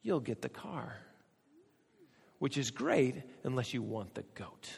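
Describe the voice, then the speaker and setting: With a mid-range, creaky voice that swings widely in pitch, a man preaches slowly as a pastor, joking and conversational while voicing the people he quotes. Background noise can be heard, and the church hall gives the humorous sermon a long reverb.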